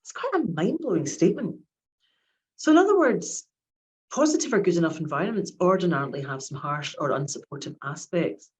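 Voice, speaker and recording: A woman's voice: fairly low pitch, very animated, a little fast, a little mellow, low-quality recording. A woman, giving a chatty academic lecture on child psychiatry and often repeating her words.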